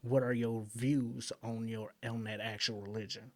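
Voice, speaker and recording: A man hosting his channel, breaking down rap lyrics in blunt, animated casual commentary full of slang and "um"s. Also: medium pitch, normal speed.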